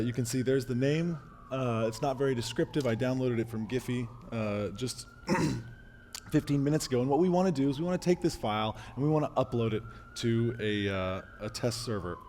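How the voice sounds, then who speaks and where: A man's voice: mid-range voice, dark tone, slight background noise. Man live coding, losing his voice. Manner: casual, halting with fillers and restarts. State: losing his voice, clearing throat. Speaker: meetup presenter. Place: meetup room.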